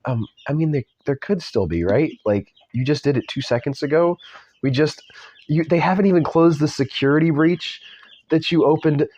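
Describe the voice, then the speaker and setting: A man's voice: fairly high pitch, normal speed, darkish tone. A middle-aged man reading a book aloud and breaking off into mocking, exasperated asides. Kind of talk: read-aloud with sarcastic commentary.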